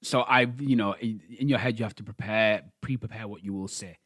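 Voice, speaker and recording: A man's voice: on the low side, a little fast, a bit bright, dry recording. A man co-hosting a casual podcast, wry and mock-reluctant, on a close podcast mic. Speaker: podcast co-host. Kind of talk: casual chat.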